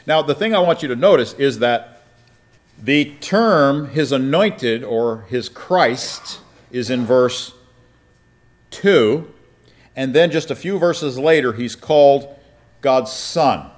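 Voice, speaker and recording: A man's voice: mid-range voice, expressive, slow. A man preaching a sermon and teaching from Scripture, asking his congregation questions and reading passages aloud. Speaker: pastor. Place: church or meeting room with an audience.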